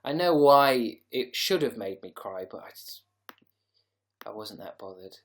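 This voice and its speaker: A man's voice: mid-range voice, expressive, unhurried. A tired man hosting a casual livestream, rambling sarcastically and reading out viewer comments. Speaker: livestream host.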